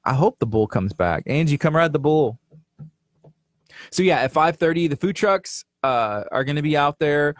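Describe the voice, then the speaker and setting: A man's voice: on the high side, expressive, moderate pace, dry recording, studio quality. A man co-hosting a local radio show, chatting casually and teasing his co-host with a joking, laughing manner. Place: radio studio. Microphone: studio microphone.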